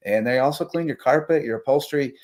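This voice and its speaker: A man hosting a late-night sports talk stream, rambling through game recaps and sponsor shout-outs. His voice is mid-pitched and casual, tired but still running on adrenaline. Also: quick pace. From South Carolina Lowcountry. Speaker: sports talk show host.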